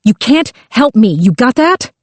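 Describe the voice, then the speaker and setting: A woman's voice: fairly high pitch, very animated, a little slow, dry recording, voice pushed up. A woman reading a desperate, hostile captive woman who snarls and screams curses. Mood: snarling. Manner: snarling, barking, shouting profanity.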